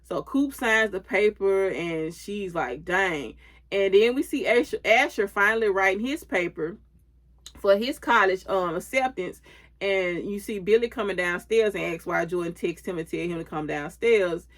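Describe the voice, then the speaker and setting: A woman's voice: medium pitch, normal speed. A woman speaking in gives a loose, chatty recap of a TV episode. She strings the scenes together with "and he said" and "she was like," quoting the characters' lines as she goes. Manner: loose retelling with many "and he said" links and quoted lines. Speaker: recap host.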